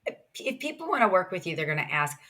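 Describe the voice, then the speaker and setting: A woman in her thirties from Ohio, a sales expert and author, speaking as a guest in a casual, energetic podcast chat. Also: on the low side. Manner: energetic, quick, chatty with laughs.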